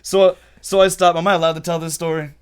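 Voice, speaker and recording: A man's voice: on the high side, little pitch movement, quick pace, smooth. A man hosting a casual podcast chat, who laughs often while telling stories. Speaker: podcast host.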